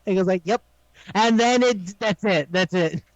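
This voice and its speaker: A high-pitched man co-hosts a casual podcast and retells a show with lively energy, often acting out the characters' lines. His voice sounds dry and close. The audio is a little dull. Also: moderate pace, no echo. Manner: animated storytelling, acts out quotes, laughs often. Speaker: podcast co-host. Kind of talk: casual chat recapping an anime.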